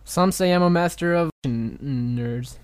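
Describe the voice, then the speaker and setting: A man's voice: fairly high pitch, unhurried, smooth, dry recording. A man co-hosting a crude comedy chat, teasing his partner and joking around. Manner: jokey, teasing, jumps into goofy voices. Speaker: co-host.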